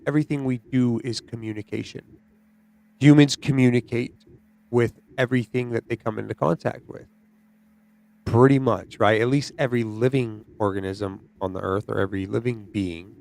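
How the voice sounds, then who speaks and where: A man hosting a podcast, chatting casually and telling stories in an animated way, often tagging his sentences with "right?" and "dude". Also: medium pitch, normal speed, vocal fry. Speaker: podcast host. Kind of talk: casual chat.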